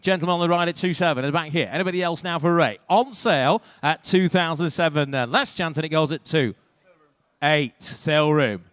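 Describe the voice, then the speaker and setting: A British male auctioneer rattles off bid numbers in a quick, rhythmic call, his voice sitting a little high for a man. It is close and dry, with no room echo, and he drops in wry asides between bids. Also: a bit bright, smooth. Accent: British English. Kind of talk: live auction calling.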